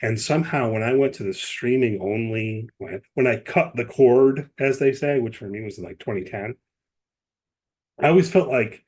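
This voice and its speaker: A man's voice: mid-range voice, moderate pace, a little mellow, slightly rough. A man co-hosting a podcast, explaining at length in casual chat, with many asides and restarts. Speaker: podcast co-host.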